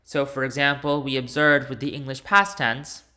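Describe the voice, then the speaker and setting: A man with a bright, clear tone works through a homework solution like a recorded lecture. He goes step by step, with pitch at a middle level for a man. Now and then he pauses on fillers and restarts his sentences. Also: little pitch movement. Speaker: linguistics instructor.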